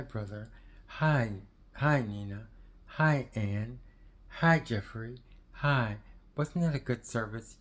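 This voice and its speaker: A middle-aged man telling a rambling personal story in a confiding way, sometimes dropping to a near whisper. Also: on the low side. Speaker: ex-Jehovah's Witness telling his story.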